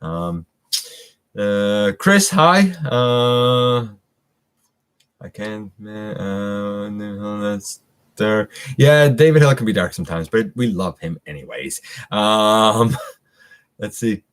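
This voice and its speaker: A man's voice: fairly low pitch, expressive, slow, clean tone. Rambling man hosting a live stream. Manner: rambling, many fillers and restarts. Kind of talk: casual live stream chat, reading viewer comments.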